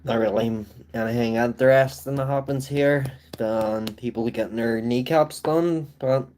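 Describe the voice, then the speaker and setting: A man from Belfast with a broad Northern Irish accent hosts a casual live-stream chat, sitting in his own home. He rambles loosely from one thing to the next in a voice of ordinary middle pitch, tacking "so it is" onto the ends of his sentences. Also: dark tone. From Northern Ireland. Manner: rambling and chatty, with tag phrases like "so it is". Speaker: livestream host.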